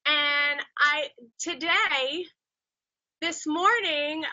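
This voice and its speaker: High, bright-voiced woman guest. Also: no echo, highs cut off. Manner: halting, full of restarts. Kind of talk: live social media chat.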